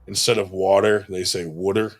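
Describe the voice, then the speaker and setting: A man's voice: lowish voice, moderate pace. A married man from New Hampshire in the United States, co-hosting a casual podcast, chatting loosely with plenty of swearing and joking. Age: adult, married. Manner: swearing, joking, does mocking impressions.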